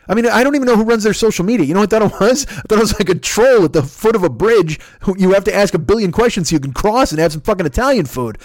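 A man from Chicago hosting his own show from home, ranting in a profane, exasperated comic monologue. His voice sits a bit high and swings widely as he works himself up. The recording is dry and close, with no room sound. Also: expressive, fast talker, few pauses, no room sound. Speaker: podcast host. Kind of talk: comedic solo rant.

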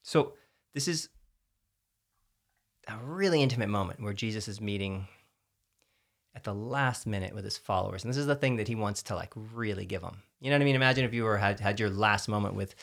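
A man with a Texan accent co-hosts a casual talk about faith, explaining scripture earnestly through stories and lots of fillers. His voice is fairly low, gravelly and fairly bright, and he speaks fairly quickly.

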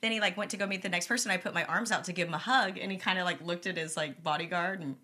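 Fast-talking young woman telling stories. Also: lowish voice, slightly rough. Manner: animated, acts out quoted voices when retelling. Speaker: podcast co-host. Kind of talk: casual conversational storytelling.

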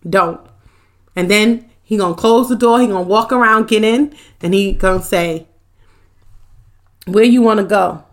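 A young woman with a medium-pitched voice hosts her podcast as a loose, casual chat with live viewers. She jokes constantly, swears freely, and breaks into laughter often. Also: normal speed. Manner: joking and profane, laughs often. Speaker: podcast host.

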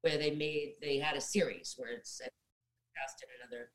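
Blunt, advice-giving middle-aged woman, slightly low. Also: fairly even intonation, moderate pace, rough recording. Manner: direct, advising, addresses listeners as "guys". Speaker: actress and guest. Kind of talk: casual interview chat.

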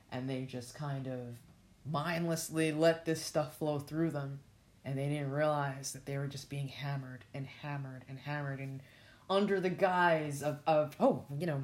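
A woman hosting a podcast, reading aloud and adding blunt, frustrated commentary with frequent swearing. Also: low-pitched. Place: at work with patients.

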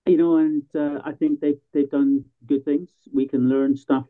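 A man from Northern Ireland, a new football club co-owner, chatting casually in an interview and telling relaxed, self-deprecating stories. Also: on the high side, normal speed. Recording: tinny phone-like line.

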